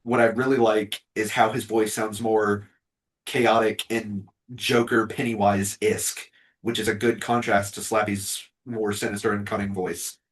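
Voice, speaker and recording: Slow, low-voiced male host. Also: little pitch movement, rough recording. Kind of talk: casual chat.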